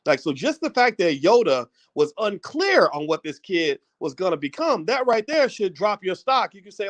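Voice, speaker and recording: A man giving a casual, animated talk on finance straight to his viewers at a desk mic, with folksy asides. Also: sits high, normal speed, hardly any pauses, no room sound. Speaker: finance commentator. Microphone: desk microphone.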